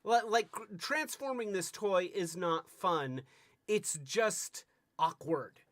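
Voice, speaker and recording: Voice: medium pitch, lively intonation, slow pace, a bit bright, no echo. A livestream host casually reviewing toys, rambling with stammering restarts and playful asides. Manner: bursts into silly sing-song jingles.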